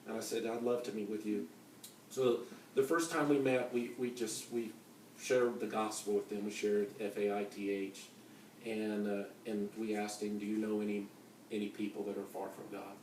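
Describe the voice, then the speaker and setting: A man's voice: on the low side, little pitch movement, moderate pace, a little mellow, a little hiss or hum. A man telling a personal testimony at a conference, rambling, with many fillers and restarts. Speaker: conference speaker. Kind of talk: storytelling testimony. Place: conference center hall. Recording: echoey hall, mic from far off.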